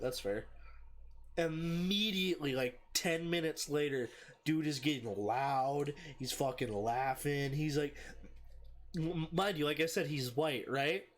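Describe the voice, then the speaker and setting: A young man hosting a podcast, telling a rowdy story in casual chat, heavy on swearing and loud acted-out quotes. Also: on the high side. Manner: profane, animated, shouts in quoted voices.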